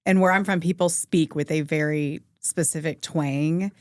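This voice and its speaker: A lower-pitched woman from Memphis, Tennessee, with a neutral American voice she trained for herself. She explains her point in a measured way, close and dry on the mic. She is a guest on a casual panel chat. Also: steady tone, dry recording. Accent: none, neutral American. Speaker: panel guest, content creator.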